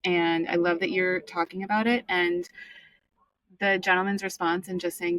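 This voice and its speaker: A woman's voice: lowish voice, level tone, moderate pace, fairly bright tone, distant mic. A woman co-hosting a podcast, affirming her guest and asking him questions in an effusive way. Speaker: podcast co-host. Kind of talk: interview chat.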